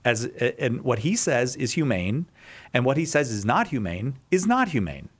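Halting, joking talk-show man. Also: mid-range voice, very animated, husky.

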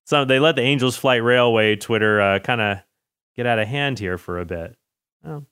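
A man talks on his own podcast in a loose, meandering way, tossing off jokes at his own expense. His voice sits at an everyday middle pitch. The recording is dry and close, with no room sound. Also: a bit bright, no echo. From United States. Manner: rambling, self-deprecating, jokey asides. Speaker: podcast host. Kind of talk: casual solo podcast monologue.

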